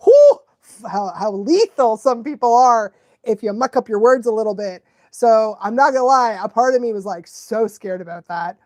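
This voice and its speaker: Young female dog trainer, chatty live-stream host, bubbly and scattered, high voice, dry close sound. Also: dry recording. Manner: excitable, animated, laughs often, loses her thread. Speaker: dog trainer hosting a live watch-along. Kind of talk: casual live-stream chat.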